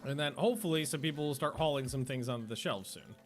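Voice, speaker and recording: A man's voice: medium pitch, fast talker, soft background music. A man streaming a game, chatting casually in a rambling way, often stopping himself mid-sentence and laughing at his own stories. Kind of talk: casual gameplay livestream chat.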